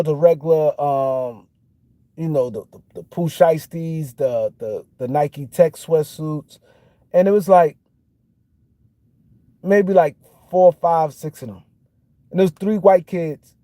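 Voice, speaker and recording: A man's voice: fairly high pitch, no room sound. A middle-aged man, hosting a casual livestream, telling stories with lots of repeats and restarts. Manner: animated storytelling with repetitions and restarts. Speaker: host.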